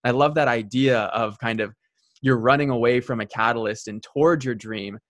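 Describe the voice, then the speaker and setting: A man's voice: medium pitch, moderate pace, a bit bright, no room sound, clean studio sound. A male podcast host chatting casually and enthusiastically, often saying "you know" and "I mean". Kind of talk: casual interview chat.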